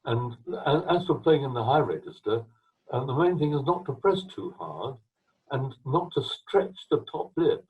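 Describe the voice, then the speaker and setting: An older English man with a husky voice, answering interview questions over a video call from home in a rambling, anecdotal way. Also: mid-range voice, lively intonation, normal speed, a little mellow, rough recording. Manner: rambling, anecdotal, with restarts and coughs. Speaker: trombonist and mouthpiece maker, interviewee. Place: his home.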